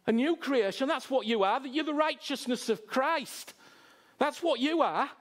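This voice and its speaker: Impassioned high-voiced male preacher. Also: expressive, unhurried. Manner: impassioned, swings between loud exhortation and quiet asides. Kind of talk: sermon.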